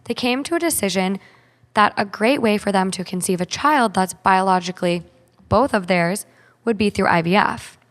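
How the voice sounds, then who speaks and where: A woman's voice: mid-range voice, moderate pace. A woman podcast co-host reading a listener's story aloud, then chatting casually about it with frequent "like". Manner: reads steadily, then chats with frequent "like". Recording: long hall reverb.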